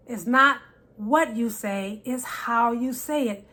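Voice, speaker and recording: A woman's voice: on the high side, slow. Emphatic woman preaching on marriage. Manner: emphatic, repeats key phrases for effect; preacherly, quotes scripture, shifts loud to soft. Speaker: marriage advice speaker. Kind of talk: faith-based teaching to women.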